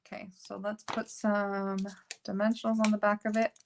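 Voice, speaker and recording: A woman's voice: mid-range voice, flat delivery, moderate pace, creaky, a little hiss or hum. A woman hosting a card-making video, chatting casually and thinking aloud as she works. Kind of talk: casual crafting tutorial chat.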